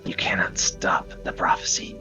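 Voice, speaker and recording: A man voicing a menacing male shadow creature in whispered role-play, hushed and taunting. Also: normal speed, muffled recording, soft background music.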